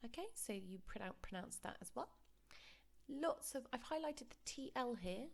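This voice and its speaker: Patient teacher woman with a gravelly voice. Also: fairly high pitch, animated. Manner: clear, patient explaining with slow modelled repetitions. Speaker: Spanish teacher. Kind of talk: recorded classroom lesson.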